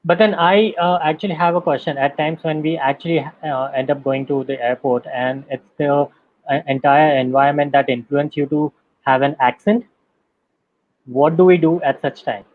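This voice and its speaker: A man moderates a webinar and puts questions to the speaker, hesitating with many pauses. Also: on the high side, steady tone, no room sound. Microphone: video call. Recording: tinny phone-like call audio.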